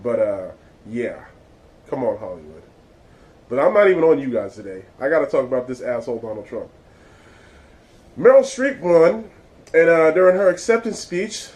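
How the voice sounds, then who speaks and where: A man's voice: high-pitched, darkish tone, poor audio. A man hosting his own vlog, giving blunt, exasperated and profane commentary. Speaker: vlog host. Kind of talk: casual ranting commentary.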